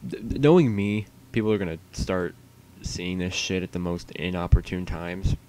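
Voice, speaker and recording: A man's voice: low-pitched, moderate pace, a little mellow. A man streaming alone, rambling in a profane, self-mocking way while he waits for his stream to start. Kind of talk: casual solo livestream chatter.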